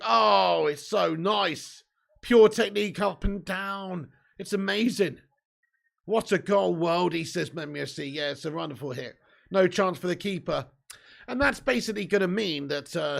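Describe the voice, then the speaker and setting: A man hosting a live football watch-along, chatting excitedly with viewers, joking, laughing and swearing. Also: a little high, gravelly.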